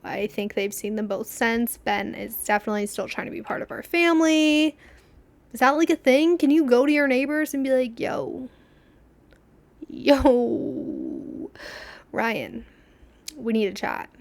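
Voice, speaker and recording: A young woman hosts a podcast, speaking in a high-pitched voice at a slightly quick pace. She chats casually, rambling through her stories, laughing often and acting out what people said.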